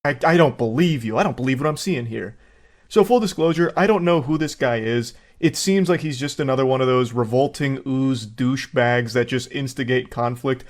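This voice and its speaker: A man's voice: medium pitch, normal speed. Sardonic male commentary narrator. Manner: sardonic, mocking, wordy insults.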